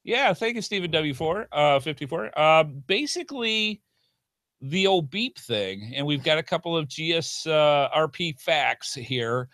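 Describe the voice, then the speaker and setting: A man's voice: fairly high pitch, animated, measured pace, a bit bright, no echo, clean studio sound. A middle-aged man co-hosting a podcast in a casual chat, with an upbeat, game-show-host way of talking.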